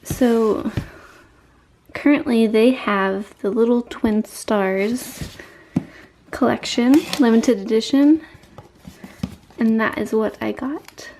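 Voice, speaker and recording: A young woman gushes through an unboxing vlog, her voice sitting high yet soft and mellow. She talks at an unhurried pace, breaking into excited squeals over each item. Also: a little hiss or hum. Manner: gushing, squeals often. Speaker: beauty vlogger. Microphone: camera mic.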